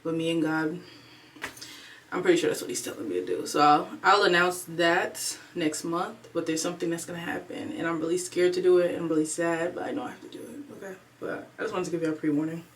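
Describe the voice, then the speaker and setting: A woman in her twenties, chatting alone at home in a casual storytime vlog, animated and replaying her own thoughts aloud. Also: on the low side, fast talker, recorded from a distance. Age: 20s. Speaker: vlogger. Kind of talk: casual storytime chat to camera.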